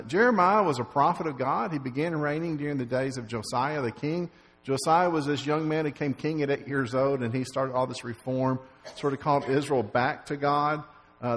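A man preaching a sermon, stumbling over repeated words and fillers, then rising to stress key lines. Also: mid-range voice. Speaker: pastor. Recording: long reverb of a large hall.

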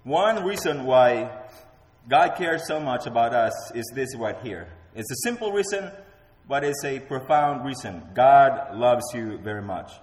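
A male pastor delivers a sermon with emphatic, repeated phrases in a mid-pitched voice. His words ring out in a large, roomy hall with a long reverb tail. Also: lively intonation, measured pace.

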